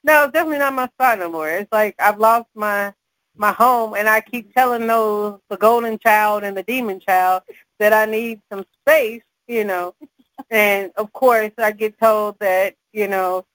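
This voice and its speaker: A woman, a mother and podcast co-host, chatting casually and telling animated stories with frequent laughs. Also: mid-range voice, unhurried, dry recording, rough recording. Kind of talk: casual chat.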